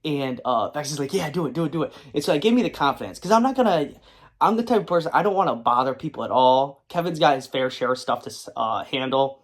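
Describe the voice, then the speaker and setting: A man's voice: medium pitch, animated, quick pace. A young man telling a long, rambling anecdote in casual talk, full of fillers and acted-out quotes, speaking from his car. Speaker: comic collector and video creator. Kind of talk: casual storytelling to camera. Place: his car, in a parking lot.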